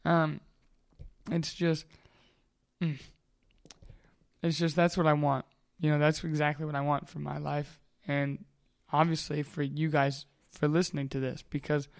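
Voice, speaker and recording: Smooth-voiced young man, candid and rambling. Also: on the high side, little pitch movement, a little slow, pauses often. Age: 20s. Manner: rambling and candid, swears freely. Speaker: vlogger. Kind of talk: casual motivational monologue.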